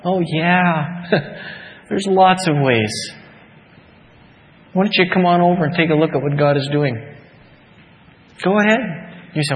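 A man's voice: a little high, measured pace, long pauses. A man preaching a sermon as pastor, coaxing his congregation with conversational rhetorical questions. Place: church sanctuary. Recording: dull lo-fi sound with long hall reverb.

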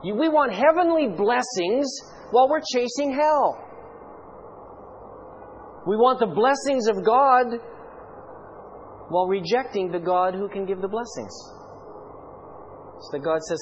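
A man preaching a sermon in an animated, rhetorical way with playful asides. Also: high-pitched, unhurried, long pauses, dull audio, a little hiss or hum.

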